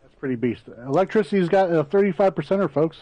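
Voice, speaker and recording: A man's voice: fairly high pitch, animated, fast talker, dark tone, rough recording. A man co-hosting a casual gaming podcast, teasing and telling jokey stories. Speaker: podcast co-host.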